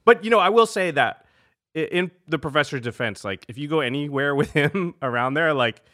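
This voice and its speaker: Speaking fairly quickly in a fairly high voice, a man shares a funny story as a podcast co-host in casual conversation. He laughs a lot, tells it in a lively way, and acts out the quotes of the people involved.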